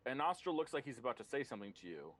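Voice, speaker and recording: A man narrating a tabletop game as game master, often pausing on ums and uhs. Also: mid-range voice, very animated, a bit bright. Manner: hesitant, many ums and uhs.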